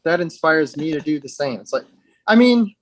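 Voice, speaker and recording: A man speaking as an interview guest, reflective and halting, with frequent restarts and fillers. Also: a little high, very animated, no room sound. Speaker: guest, actor with dwarfism.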